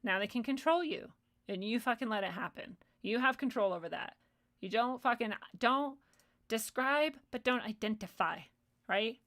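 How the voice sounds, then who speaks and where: A woman's voice: a little high, lively intonation, normal speed, fairly bright tone. A woman hosting her own stream, delivering an unscripted, heated monologue full of swearing and confrontation. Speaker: stream host.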